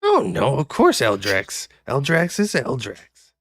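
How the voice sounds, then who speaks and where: A man's voice: mid-range voice, huge pitch swings, slow pace, fairly bright tone, dry recording, clean studio sound, voice pushed up, full character voice. A man voicing a small, hungry, lost kobold that talks in broken speech. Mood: pleading.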